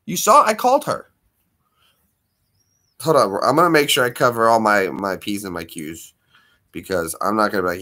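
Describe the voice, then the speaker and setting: A man's voice: fairly low pitch, animated, moderate pace, pauses often, pushed and bright. A man hosting a casual live stream from home, chatting with viewers, greeting them by name and laughing easily.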